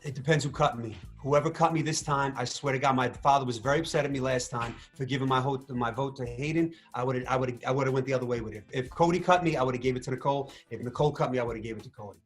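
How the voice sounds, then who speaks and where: A man in a casual interview, telling his story with animated energy, acting out what he said and thought. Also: mid-range voice, fast talker, few pauses, faint music behind. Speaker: reality show contestant interviewed.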